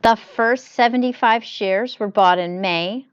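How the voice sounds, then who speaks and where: A woman hosting her own investing channel, narrating a screen-capture walkthrough in a measured, explanatory way. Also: fairly high pitch, clean tone, dry recording, highs cut off. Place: home desk, voice recorded on laptop.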